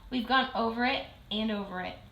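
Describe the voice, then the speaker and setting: A woman's voice: fairly high pitch, fairly quick, creaky, pushed and bright, far from the mic. A woman voicing a tiny, careful father in a children's story, speaking firmly and urgently. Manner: firm and urgent. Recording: roomy echo.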